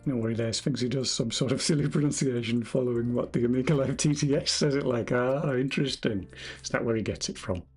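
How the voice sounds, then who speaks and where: Husky-voiced man muttering through code. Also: medium pitch, brisk, darkish tone, soft background music. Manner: thinks aloud in self-correcting mutters, chats with viewers; self-deprecating and jokey. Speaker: game developer streaming his coding. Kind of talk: casual live-stream commentary while coding.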